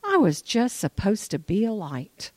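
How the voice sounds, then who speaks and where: Animated woman giving church testimony. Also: mid-range voice, unhurried. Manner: chatty, animated, swings between quiet asides and loud emphatic preaching. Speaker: speaker sharing a testimony. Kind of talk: informal sermon testimony.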